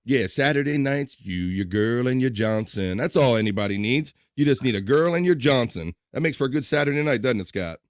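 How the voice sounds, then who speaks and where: An upbeat man hosting a live online show, moving through viewer comments in a relaxed, chatty way. His voice sits at an ordinary male pitch. He teases and jokes easily with his audience. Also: a little fast, hardly any pauses, no room sound, clean studio sound. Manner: upbeat, joking banter with the chat and co-host. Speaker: live stream host. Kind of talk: casual live-stream chat, reading viewer comments.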